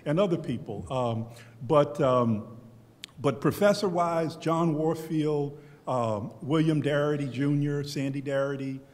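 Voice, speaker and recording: A man's voice: on the high side, unhurried, darkish tone. Older man telling stories in a hall. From Beaumont, Texas, US. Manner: reflective, conversational, with frequent restarts. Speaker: professor on a history panel. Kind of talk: personal storytelling at a panel. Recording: long hall reverb.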